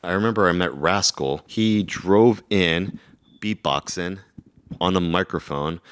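An older man reminiscing in a slow, measured way. His voice is very deep and smooth, recorded dry. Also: fairly bright tone, no room sound. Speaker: veteran beatboxer.

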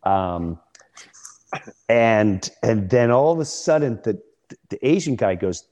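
A middle-aged man hosting a comedy podcast, telling an animated story and acting out the people in it. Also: lowish voice, takes it slowly, pauses often. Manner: animated, acts out other people's voices. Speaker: host.

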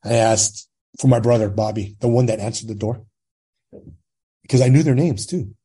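A man's voice: on the low side, normal speed, breathy edge. A man in his sixties from California, telling his own story as a podcast guest, animatedly acting out the dialogue and often checking in with "right?". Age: 60s. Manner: animated retelling, quotes dialogue, frequent tag questions. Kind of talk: personal storytelling in conversation.

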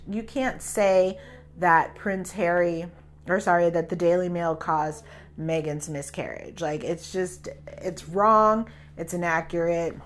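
A young adult woman hosting a podcast, giving a blunt, casual stream-of-consciousness review full of fillers and laughter. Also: lowish voice. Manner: blunt, chatty, swears freely; filler-heavy with frequent laughs. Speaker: podcast host.

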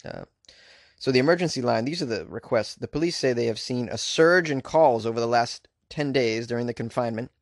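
A male podcast host delivers comedic news commentary, full of crude, sarcastic riffs and asides. His voice has a gravelly, fry-laden texture. The recording is dry and close, with no room sound. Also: mid-range voice, expressive, fairly quick, no room sound.

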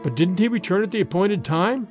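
A man's voice: high voice, expressive, a little fast, darkish tone, soft background music. A man voicing a worried village wife. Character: anxious village wife, cautious.

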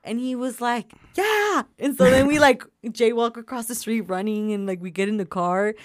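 Young woman, slightly high voice, animated casual storyteller, heavy "like" filler, dry close sound. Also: normal speed, no echo. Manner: animated storyteller, heavy use of "like", laughs often.

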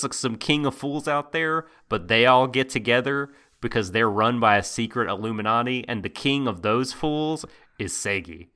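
A man's voice: medium pitch, sharp tone. A man co-hosting a casual podcast, ranting animatedly with swearing and voice jumps when exasperated. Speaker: podcast co-host. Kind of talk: casual anime discussion podcast.

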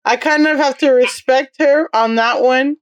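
A woman with a high voice hosts a relaxed podcast chat. She reacts bluntly and cracks quick jokes. She sounds frank and unfiltered. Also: smooth. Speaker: podcast host.

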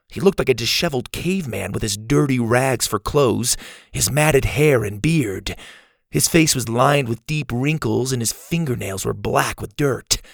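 A man reads a children's adventure story aloud with steady storytelling. His mid-range voice carries a gravelly edge. The recording is close and dry. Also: medium pitch, no echo. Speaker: narrator. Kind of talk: audiobook narration.

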